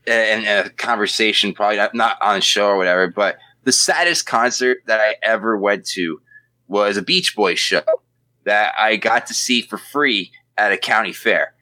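A man's voice: lowish voice, moderate pace, bright, forceful tone, rough recording. A man co-hosting a podcast, talking casually with dry sarcasm and some swearing. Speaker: podcast co-host. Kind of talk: casual comedic banter.

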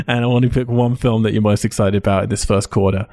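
A man hosts a podcast in a low, gravelly voice, loose and laid-back, with casual swearing and easy laughs. His voice is close and dry on the mic. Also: steady tone, brisk, mellow, no room sound. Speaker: podcast host. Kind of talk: casual chat.

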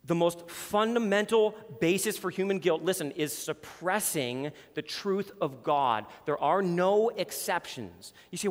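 High-voiced preacher guy, punchy and emphatic, big hall echo. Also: sing-song, a little slow, few pauses. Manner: emphatic, repeats words for stress. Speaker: pastor. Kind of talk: sermon.

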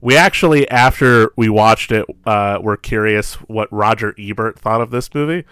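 Podcast guy rambling thru a movie recap, smooth clear voice, dead dry sound, keeps laughing. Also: on the low side, normal speed, a bit bright, no echo. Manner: rambling recaps, acts out quoted lines, laughs often. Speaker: podcast co-host. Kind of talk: casual chat about horror films.

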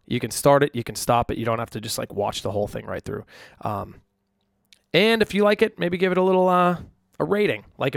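A young man hosts his podcast alone, speaking straight into a microphone in a loose, rambling, self-deprecating way. His voice is gravelly with a touch of fry. The sound is dry and close, with no room echo. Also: mid-range voice. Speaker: podcast host. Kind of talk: casual solo podcast chat. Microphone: studio microphone.

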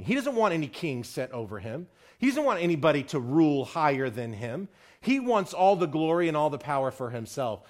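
A man preaching a sermon on a psalm, quoting scripture and retelling stories, climbing higher and louder on key points and dropping quiet for solemn ones. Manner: rises in pitch and volume when stressing points, drops low and quiet for solemn lines.

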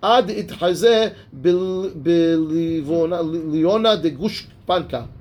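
High-voiced rabbi teaching a Talmud class. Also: male voice, takes it slowly, darkish tone. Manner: casual, checks in with "right?" and "okay"; reads Aramaic text, then explains it in English. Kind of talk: Talmud class, reading and translating.

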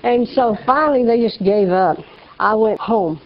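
A woman's voice: fairly high pitch, unhurried, a crowd in the background. A woman giving a personal faith testimony in a folksy storytelling way, acting out the people in her story. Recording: slightly dull lo-fi recording.

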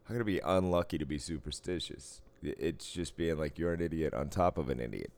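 A man's voice: rumbling low, fairly quick, darkish tone. A man co-hosting a casual podcast chat, blunt and crude, swearing freely and laughing at his own jokes. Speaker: podcast co-host. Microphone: podcast microphone.

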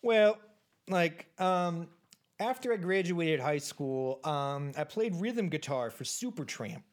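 A performer playing a rambling baby-boomer man in his seventies at an awkward interview, talking haltingly with lots of fillers. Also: animated. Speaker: interview guest. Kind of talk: improvised comedy interview.

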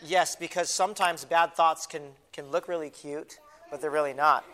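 A man's voice: a little high, fairly even intonation, normal speed, pushed and bright. A pastor giving a casual children's lesson in a church service, often restarting and repeating his words as he talks to the kids. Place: church sanctuary.

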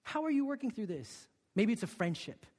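A man preaching a sermon, telling a personal story with many "okay?" and "right?" asides, dropping to a hush and then rising with emphasis. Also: sits high, very animated, a little fast, big-room sound. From Korea. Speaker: pastor.

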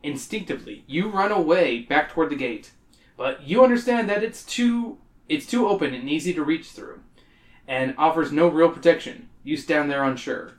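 A man reads a choose-your-own-adventure story aloud to a group of friends, breaking off now and then for joking asides. His pitch swings in a lively, expressive way. The room around him sounds roomy and echoey. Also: moderate pace. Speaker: game reader. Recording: roomy echo.

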